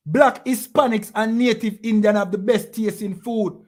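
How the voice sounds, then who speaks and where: High-voiced Jamaican man preaching hard. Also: moderate pace, few pauses, a little mellow. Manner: scolding, rhetorical questions, patois asides. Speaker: preacher teaching a class. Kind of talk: impassioned preaching.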